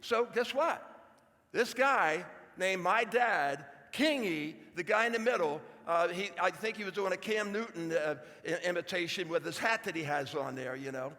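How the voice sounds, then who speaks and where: A man's voice: high voice, normal speed, pushed and bright, in a large hall. A man in his seventies gives a folksy, joking speech to a live audience, talking straight to the crowd. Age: 70s. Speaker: speaker. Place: large hall before an audience.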